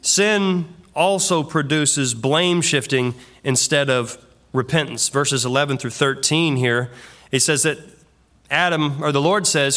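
A man's voice: a little high, unhurried, a bit bright. A man preaching an expository sermon in an earnest, conversational way, bringing in vivid everyday examples. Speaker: pastor.

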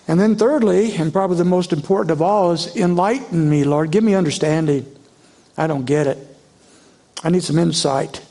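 Expressive male preacher, somewhat high voice. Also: moderate pace. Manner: expressive preaching, voicing the psalmist's pleas in a rising voice. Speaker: pastor. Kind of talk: sermon.

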